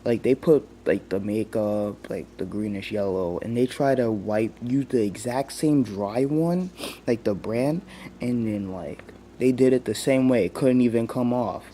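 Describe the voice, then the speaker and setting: A man's voice: medium pitch, a little slow, mellow, slight background noise. A young man giving a casual, rambling rant, full of "like" and restarts. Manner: rambling, heavy use of "like", many restarts. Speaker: vlogger.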